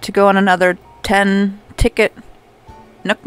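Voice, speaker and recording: A woman's voice: medium pitch, fairly even intonation, moderate pace, fairly bright tone, smooth. A young adult woman casually commenting on her gameplay, chatting to game characters and laughing often. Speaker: gameplay streamer. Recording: faint background music.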